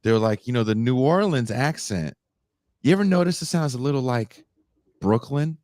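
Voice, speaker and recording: A man hosting a casual chat, animated and quick to slip into mocking voices. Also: mid-range voice, no room sound, clean studio sound. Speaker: podcast host.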